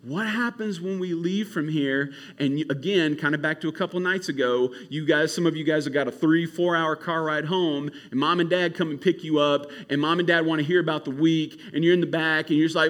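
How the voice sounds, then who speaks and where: A man preaching to a youth camp in an animated, casual storytelling way. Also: fairly high pitch, brisk, few pauses. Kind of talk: youth sermon.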